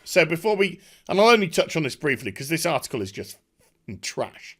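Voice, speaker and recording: A man delivering a heated vlog rant, scornful and quick to swear. His voice sits high and swings widely in pitch. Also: sing-song, fairly bright tone. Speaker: online commentator.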